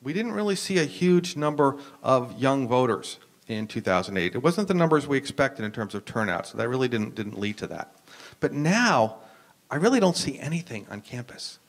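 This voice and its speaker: American man, mid-pitch, conversational lecturer with many "um"s and self-corrections; panel guest. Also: big pitch swings, normal speed. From United States. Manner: explanatory, frequent "um" and restarts. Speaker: university professor, panelist. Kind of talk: lecture-style discussion.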